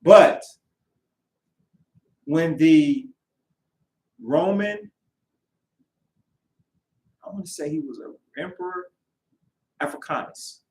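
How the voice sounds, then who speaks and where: A man's voice: on the high side, slow, pauses often, a little mellow, a little hiss or hum. A man leading a Sabbath lesson, talking conversationally and checking in with rhetorical questions. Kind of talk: lesson with storytelling. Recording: roomy echo, mic at a distance.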